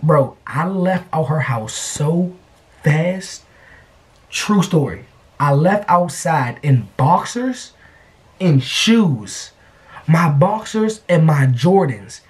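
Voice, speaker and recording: Brief: young male vlogger, slangy animated storytelling, slightly high voice. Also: slow pace. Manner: animated, slangy, lots of repetition. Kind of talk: casual storytelling to camera.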